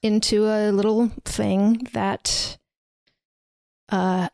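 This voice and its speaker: A woman's voice: medium pitch, little pitch movement, drawn-out words, creaky, darkish tone, no room sound. A woman co-hosting a podcast, telling a long story in loose casual chat. She leans on fillers and restarts as she goes. Her voice sits mid-range and sounds dry and close, with no room around it. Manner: rambling, filler-heavy storytelling with lots of "like" and "um". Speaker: podcast co-host. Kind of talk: casual chat recapping a horror film. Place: podcast recording setup.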